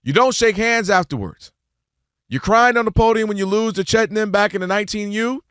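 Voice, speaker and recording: A man's voice: high voice, a little fast, a bit bright, clear, resonant tone, dry recording, clean studio sound. A man hosting a sports talk show, arguing his point and acting out quotes in other voices, repeating words when fired up. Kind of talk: animated sports debate.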